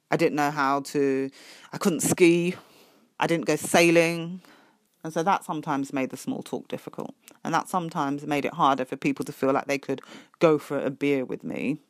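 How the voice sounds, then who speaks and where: A middle-aged woman, telling her own story as a parent in an emphatic, animated way. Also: sits low, no room sound, clean studio sound. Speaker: parent sharing her experience. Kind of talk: personal podcast testimony.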